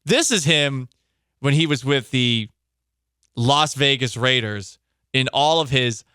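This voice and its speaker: A man hosts a sports talk show and riffs in a loose, joking way. His pitch is middling and the sound is dry and close. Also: slow, clear, resonant tone, no room sound. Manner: joking, riffing, animated. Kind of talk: casual comedic sports talk.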